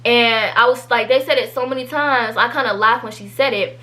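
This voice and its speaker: A teenage girl tells a storytime in a chatty, rambling way, full of fillers. Her voice sits a little high, and she gets animated whenever she quotes someone. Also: a little fast. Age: teens. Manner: chatty, filler-heavy, animated when quoting people. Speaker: vlogger telling a story. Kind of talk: casual storytime.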